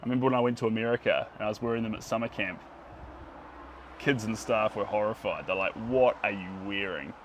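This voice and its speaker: A man's voice: on the low side, steady tone, fast talker, slight background noise. A man with a New Zealand accent chatting casually to his livestream viewers as he paints, greeting them by name.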